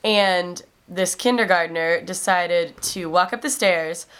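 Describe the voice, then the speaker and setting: A woman's voice: lowish voice, slow, fairly bright tone, clear, resonant tone. A young woman in her twenties, a classroom aide, casually telling funny stories in a vlog with frequent ums and a lift in her voice when quoting kids.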